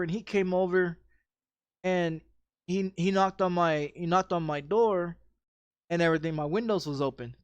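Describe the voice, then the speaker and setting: A man's voice: high voice, no echo. A man telling a rambling story in casual chat, swearing often and repeating himself with frequent restarts. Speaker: streamer.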